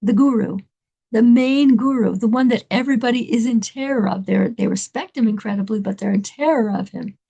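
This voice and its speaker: A woman telling an inspirational story in an animated, dramatic way, laughing between lines. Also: a little high, moderate pace, gravelly, husky.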